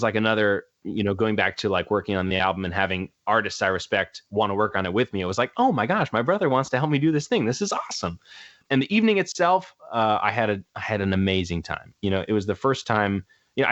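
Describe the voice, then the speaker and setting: Low, dry-voiced man rambling casually. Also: a bit bright, no echo. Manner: rambling, full of fillers and "like". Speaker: musician guest. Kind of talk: casual interview chat. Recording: dull lo-fi sound.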